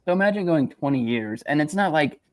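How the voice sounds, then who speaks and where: Animated man telling sports stories. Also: fairly high pitch, no echo. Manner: animated storyteller, quick laughs, acts out quotes. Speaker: podcast co-host. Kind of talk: casual chat.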